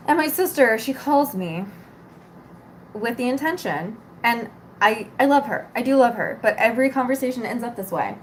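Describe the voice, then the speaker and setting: A woman's voice: fairly high pitch, lively intonation, moderate pace, slight background noise. A young woman vlogger ranting casually to camera, exasperated, swearing and rambling.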